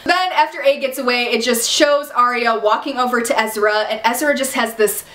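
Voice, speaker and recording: A young woman excitedly recapping a TV episode, gushing and exasperated by turns. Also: on the high side, moderate pace, reverberant, soft background music. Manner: gushing and exasperated, jumps into quoted shouts. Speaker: TV recap vlogger.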